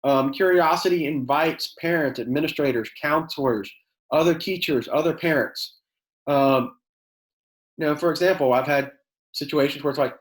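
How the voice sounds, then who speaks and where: A man who teaches high school chemistry, leading a workshop for teachers in a conversational way with many fillers. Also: fairly quick, echoey room, poor audio. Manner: conversational, many fillers, acts out quoted exchanges; self-described sarcastic.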